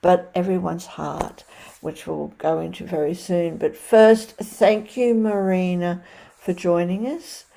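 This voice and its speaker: A woman's voice: lowish voice, fairly even intonation, unhurried, vocal fry, mellow. A woman hosting an interview, effusive and rambling, with many restarts. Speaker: host.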